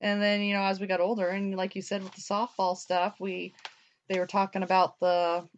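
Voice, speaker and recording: A woman's voice: medium pitch, completely flat delivery, normal speed. A young woman co-hosting a talk show, rambling in casual chat full of "like" and the odd swear word. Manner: rambling, chatty, peppered with "like" and mild swearing. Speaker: podcast co-host. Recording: dull lo-fi recording.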